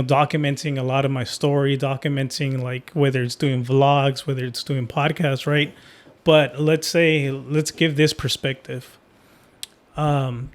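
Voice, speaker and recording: A young man hosting a podcast, talking in a relaxed, reflective way with lots of fillers. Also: on the high side. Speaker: podcast host. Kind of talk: casual chat.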